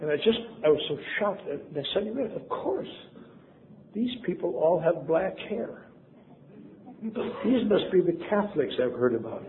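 A man's voice: sits high, sing-song, normal speed. An older man from Wisconsin telling a personal story with wry, self-deprecating humor. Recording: tinny phone-like sound, faint noise.

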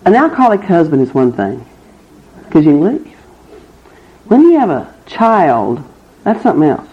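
A woman's voice: big pitch swings, normal speed. A middle-aged woman, speaking at a recovery meeting, candid and wry as she tells her own story. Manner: candid, wry, with laughs through hard memories. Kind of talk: personal testimony talk. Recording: muffled low-fidelity recording.

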